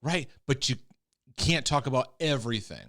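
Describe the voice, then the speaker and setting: A man hosting a podcast, talking casually in quick bursts, often repeating words as he thinks. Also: mid-range voice, lively intonation, fairly bright tone, dry recording, studio quality. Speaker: podcast host. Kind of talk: casual conversation.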